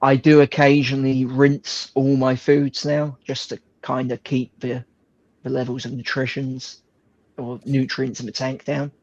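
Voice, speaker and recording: Man, casual chat, relaxed, swears, dull lo-fi sound, dry. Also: medium pitch, a little slow, dry recording. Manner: relaxed, swears, laughs easily.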